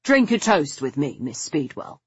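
Woman narrator doing a courteous, flirtatious gentleman, smooth and coaxing, slow and husky. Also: a little high, sing-song, no room sound, lo-fi sound, exaggerated voice. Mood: charming. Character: charming, flirtatious man, enthusiastic about antiquities.

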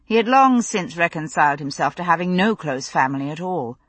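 Woman audiobook narrator, dry close sound, breathy low voice. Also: expressive, a little fast, fairly bright tone, dry recording. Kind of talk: scripted narration.

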